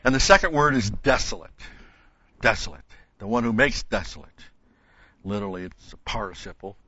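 A man's voice: on the low side, animated, brisk, sharp tone, breathy edge, dry recording. A man delivering an expository sermon as a Bible teacher, stressing points by repeating key words. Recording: dull, dry lo-fi recording.

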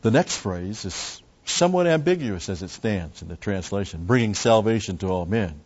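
A man's voice: fairly low pitch, lively intonation, normal speed, a little mellow, slightly rough. A man preaching a methodical Bible teaching, explaining Greek words and repeating key terms. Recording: dull lo-fi recording.

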